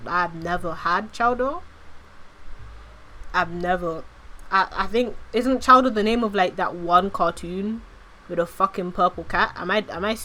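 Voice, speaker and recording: A woman's voice: medium pitch, sharp tone. A woman streaming casually as a VTuber, rambling and giggly, swearing casually. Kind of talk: casual livestream chat.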